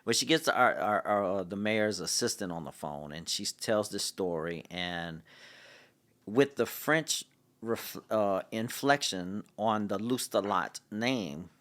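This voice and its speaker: A middle-aged man from Louisiana, USA, a city public relations director appearing as a podcast guest, tells a story in casual conversation. His very low voice comes out haltingly, with many restarts and fillers, and he grows excited as he goes.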